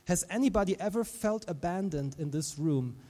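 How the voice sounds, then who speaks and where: A man preaching a sermon as a pastor, animated, dropping to a hush and then rising to loud, emphatic lines. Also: high voice, normal speed, long reverb tail. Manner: animated, swings from hushed to loud.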